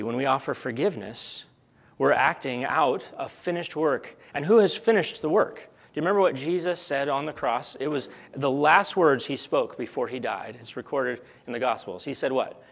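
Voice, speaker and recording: A middle-aged male pastor preaching a sermon in a storytelling way, climbing to emphatic peaks and dropping soft again, and often repeating words as he thinks aloud. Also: mid-range voice, normal speed, gravelly.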